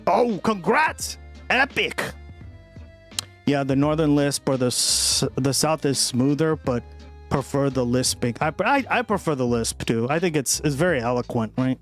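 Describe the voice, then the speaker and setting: A man's voice: medium pitch, moderate pace. Young male streamer, casual and profane, rambling chat with his viewers, faint music behind. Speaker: political livestream host.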